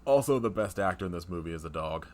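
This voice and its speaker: Deep-voiced man in profane podcast chat. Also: fast talker. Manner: profane, laughs often, animated retelling. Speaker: podcast co-host. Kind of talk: casual movie review chat.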